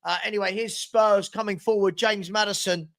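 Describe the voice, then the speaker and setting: A man's voice: high voice, fairly even intonation, moderate pace, gravelly, fairly bright tone. Exasperated man hosting a watchalong. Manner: exasperated, groaning at the team, chatting to viewers. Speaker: watchalong host. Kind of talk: live football watchalong commentary.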